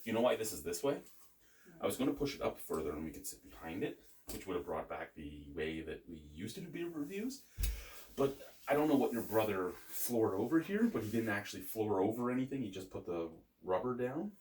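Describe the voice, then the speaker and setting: A man with a somewhat low voice talks through a beer tasting in a loose, rambling way, dropping jokes and curse words. He sits a little away from the microphone. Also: sing-song, a little fast, darkish tone, reverberant, recorded from a distance, a little hiss or hum. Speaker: beer review host. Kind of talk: casual beer review chat.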